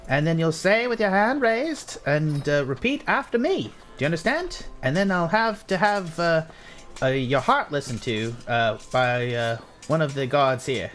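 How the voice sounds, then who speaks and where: A man voicing a stern male gate official who speaks formally and recites oaths in a slow, commanding way. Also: fairly high pitch, very animated, a bit bright, faint music behind, voice pushed up. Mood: formal, brisk.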